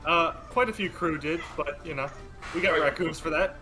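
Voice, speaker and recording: A man's voice: on the high side, moderate pace, music in the background. A man chatting casually as a tabletop player, laid-back and joking. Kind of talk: casual chat.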